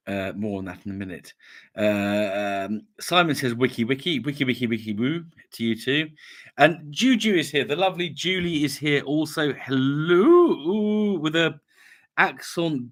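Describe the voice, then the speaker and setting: Greeting viewers and reading out their comments, a YouTube channel host chats loosely on a relaxed live stream. His voice is medium in pitch and a bit bright.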